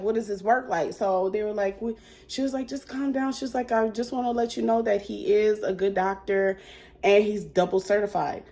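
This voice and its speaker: A woman's voice: mid-range voice, darkish tone. A woman telling a storytime vlog into a phone held at arm's length, acting out a phone call as she goes. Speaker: vlogger.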